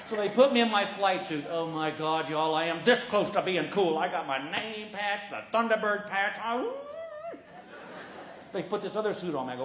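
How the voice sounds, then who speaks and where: A man's voice: sits high, expressive, normal speed, a bit bright, slight background noise. A man performing a stand-up comedy routine, telling a story in a folksy way and acting out the voices of the people in it. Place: large hall before a live audience. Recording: roomy live venue sound.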